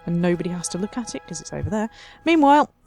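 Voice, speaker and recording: A woman's voice: fairly low pitch, very animated, quick pace, creaky, a little mellow, faint music behind. Wry woman narrating her city game. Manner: chatty, wry, talks to her sims. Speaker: let's play host. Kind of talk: casual game commentary.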